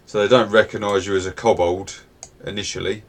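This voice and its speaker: Male game master, low voice, relaxed narration full of fillers. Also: fairly quick. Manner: relaxed, hesitant with many fillers.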